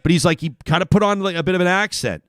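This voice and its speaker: A man hosting a talk show from a broadcast studio, chatting in an energetic, self-interrupting way. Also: high voice, rapid-fire, clean tone, no echo. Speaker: radio and podcast talk show host. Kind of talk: casual talk show chat with sponsor reads. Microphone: studio microphone.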